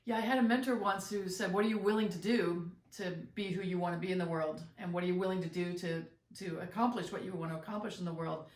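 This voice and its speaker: Middle-aged woman, podcast co-host, reflective and halting, heard at a distance in a roomy space. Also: lowish voice, steady tone, a little mellow. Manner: reflective, halting with fillers and restarts. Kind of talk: casual chat.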